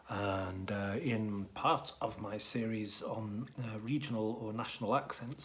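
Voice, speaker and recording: A man giving a deadpan comic monologue as a mock professor, hesitant and rambling with many ums and restarts. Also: on the low side, a little slow, few pauses, a little hiss or hum. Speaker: comic presenter playing a professor.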